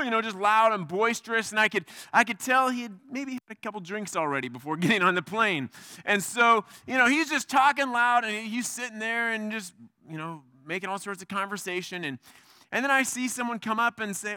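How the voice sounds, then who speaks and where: A man's voice: high voice, moderate pace, sharp tone, clear, resonant tone, no room sound, clean studio sound. A man preaching a sermon as pastor, telling a personal story in a conversational way with lots of fillers.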